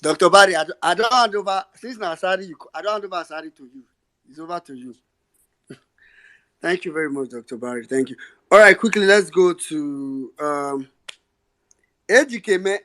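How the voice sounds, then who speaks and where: Nigerian male moderator, slightly high, easygoing hand-offs. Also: fairly quick, pauses often, sharp tone. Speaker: host moderating the room. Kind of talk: casual moderating.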